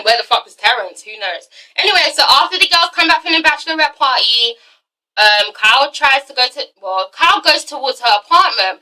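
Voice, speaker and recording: A woman recapping a TV episode in a casual vlog, excitable and profane, acting out the characters in quick asides. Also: fairly high pitch, poor audio. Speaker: TV episode reviewer.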